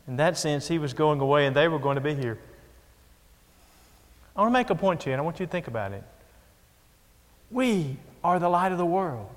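A man preaching a sermon in an earnest way, repeating key phrases as he builds emphasis. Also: a little high. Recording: long echo of a large hall.

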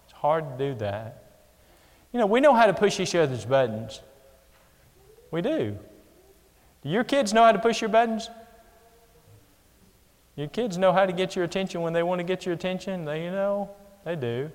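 A man preaching a sermon, folksy and full of everyday examples, swinging between loud emphasis and hushed, soft passages. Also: high-pitched, animated, moderate pace, pauses often. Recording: long hall reverb.

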